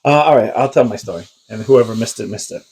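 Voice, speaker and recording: A man's voice: on the low side, quick pace, creaky, darkish tone, breathy edge, poor audio. A man co-hosting a podcast, telling a long anecdote in casual chat, full of fillers and quoted lines. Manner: rambling, filler-heavy storytelling with acted quotes. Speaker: podcast co-host.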